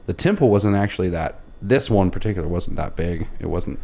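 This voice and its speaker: A man's voice: sits low, animated, brisk, gravelly, mellow. A man from Oklahoma, a podcast guest, casually telling rambling, self-deprecating travel anecdotes. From Oklahoma, USA. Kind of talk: casual storytelling.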